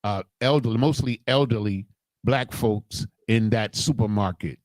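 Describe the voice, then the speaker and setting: A man's voice: on the low side, a little slow, darkish tone, no echo. Hesitant man answering, dry sound. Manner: hesitant with fillers. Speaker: student.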